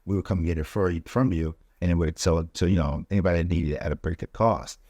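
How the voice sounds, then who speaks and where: A man, a podcast guest, telling his story in a relaxed, casual way with many fillers, and growing animated as he relives the events. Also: fast talker, no room sound. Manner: animated, rising pitch when reliving events.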